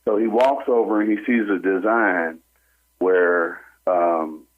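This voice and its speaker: A man calling in to a radio show, telling a personal story in an animated way and acting out what other people said. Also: low-pitched, slow. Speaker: caller. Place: on a phone call into a radio show. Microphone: telephone. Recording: tinny phone line.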